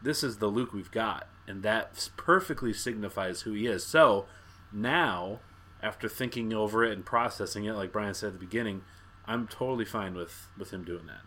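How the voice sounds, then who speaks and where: A man co-hosting a podcast in a casual movie discussion, animated and acting out his own reactions. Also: fairly low pitch, moderate pace. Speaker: podcast co-host.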